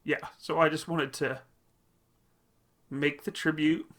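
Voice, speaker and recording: A man hosting his own channel, speaking in a halting, emotional way with many pauses and restarts as he gives a personal tribute. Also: a little high, flat delivery, a bit bright. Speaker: channel host.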